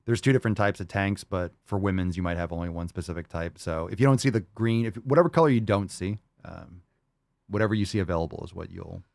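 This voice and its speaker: A man's voice: low voice, creaky, dry recording, studio quality. Hyped, profane male podcast host. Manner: loud, hyped, profane and jokey. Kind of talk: casual solo podcast, reading fan posts.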